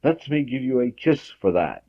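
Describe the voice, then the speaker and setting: A man's voice: mid-range voice, sing-song, normal speed. A man voicing a polite, prim young girl on an old home audiotape, raising his voice for her. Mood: pleased. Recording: dull 1960s home audiotape.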